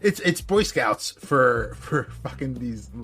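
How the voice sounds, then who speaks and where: A man co-hosting a podcast in casual chat, rambling and animated, with lots of filler words. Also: medium pitch, slow pace. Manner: rambling, animated, heavy use of "like". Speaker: podcast co-host.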